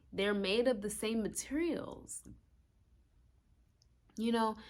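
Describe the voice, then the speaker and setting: A young woman astrologer talking casually in a vlog, rambling through rhetorical questions and swearing now and then. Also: on the high side.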